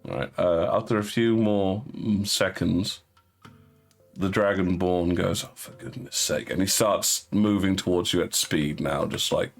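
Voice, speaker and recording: Low-voiced man running a tabletop game. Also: gravelly, soft background music. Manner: halting, many fillers and restarts. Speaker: game master.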